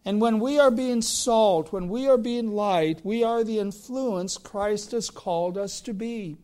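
A man preaching a sermon to his congregation, with deliberate phrasing that swells into emphatic lines. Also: sits high, mellow. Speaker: pastor.

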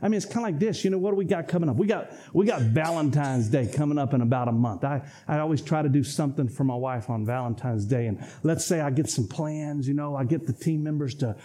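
A man's voice: a little high, fast talker, hardly any pauses, mellow. A man preaching a sermon, emphatic and repetitive, often addressing the congregation as folks. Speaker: pastor.

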